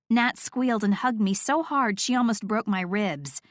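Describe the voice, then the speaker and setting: A woman narrates a first-person romance audiobook in an even, wry, reflective voice. Her pitch sits mid-range. The studio recording is close and dry. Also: normal speed, few pauses, no echo.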